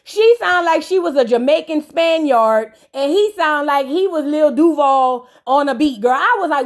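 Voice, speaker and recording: A woman's voice: high voice, animated, normal speed, hardly any pauses. A woman hosting a casual reality TV reaction video, sassy and gossipy, roasting the cast and calling the listener "girl". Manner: blunt roasting asides.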